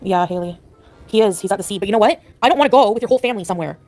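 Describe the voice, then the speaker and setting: A woman's voice: mid-range voice, expressive, rapid-fire, mellow, soft background music. A woman talking in a casual live chat, upset and rambling with lots of "like"s. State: distressed. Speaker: livestreamer.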